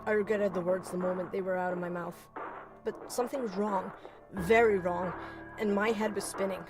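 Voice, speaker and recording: A woman's voice: lowish voice, steady tone, normal speed. Young female streamer, chatty, reads the text and jokes at her own expense, music in the background. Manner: chatty, self-deprecating asides. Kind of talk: let's play, reading game text aloud.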